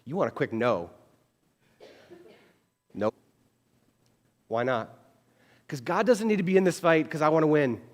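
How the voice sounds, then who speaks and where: A man's voice: fairly high pitch, measured pace, long pauses. Pastor guy giving a laid-back sermon, acts out quotes, big echoey church sound. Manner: chatty, animated, acts out quoted dialogue. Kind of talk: conversational sermon. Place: church sanctuary.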